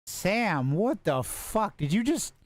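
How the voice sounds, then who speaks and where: A man's voice: sits high, very animated, takes it slowly, no room sound. A man streaming a modded block-building game, joking with his chat and swearing casually while he plays.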